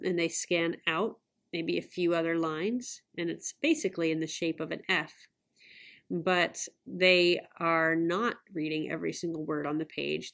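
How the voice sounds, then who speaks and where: A woman with a somewhat low voice talks through slides in a recorded lesson. She explains step by step in a measured, even-handed way, now and then correcting a word as she goes. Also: gravelly. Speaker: online course presenter. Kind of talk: recorded lecture over slides.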